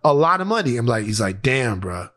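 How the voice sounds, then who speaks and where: A male podcast co-host from Louisiana telling a story in casual, animated chat, swearing freely. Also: medium pitch, fast talker.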